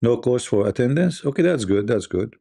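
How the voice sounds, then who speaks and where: Scornful gravelly-voiced male commentator. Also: medium pitch, lively intonation, brisk, dark tone. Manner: scornful, rhetorical questions, repeats himself. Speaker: online commentator. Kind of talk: casual live-stream commentary.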